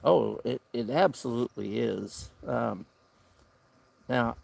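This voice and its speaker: A man's voice: medium pitch, slow pace, creaky, a little mellow. A man with a Southern US accent hosting a casual camping livestream outdoors, talking in an easygoing, rambling drawl. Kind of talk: casual live-stream chat. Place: outdoor campsite by the woods.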